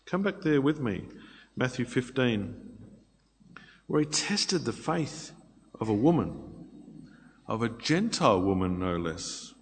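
A man preaching a sermon, expressive, swinging from loud pleading to hushed asides. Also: medium pitch, slow, pauses often, a little hiss or hum. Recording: long reverb of a large hall.

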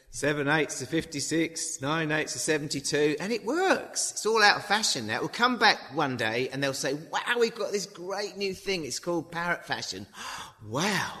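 A man's voice: mid-range voice, sharp tone. A man preaching a sermon in a chatty way, adding tag questions and acting out the dialogue of the story. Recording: long hall reverb.

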